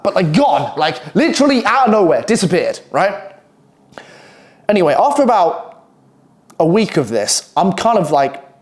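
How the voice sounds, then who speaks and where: Swearing British man, slightly high voice. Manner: swears often, animated, quick asides. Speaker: copywriter telling a work story. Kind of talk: casual storytelling to camera.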